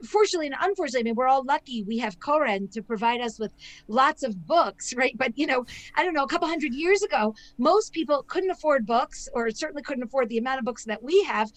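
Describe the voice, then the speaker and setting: Higher-voiced woman scholar explaining at length. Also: expressive, quick pace, no room sound, rough recording. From not Israel; immigrated there. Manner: explanatory, lecturing with frequent "right?" checks. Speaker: guest scholar and author. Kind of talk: podcast interview explanation.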